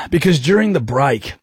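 A man's voice: medium pitch, breathy edge, dry recording. An Australian man co-hosting a radio show, bantering casually and laughing often. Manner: lively, quick to laugh, jokey. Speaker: radio co-host. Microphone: studio microphone.

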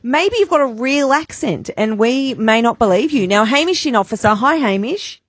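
A woman from Ireland hosting a radio show, chatting and guessing with restarts and quick back-and-forth. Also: on the high side, animated, no echo. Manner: chatty, easily confused, lots of restarts. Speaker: radio host. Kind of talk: casual radio banter.

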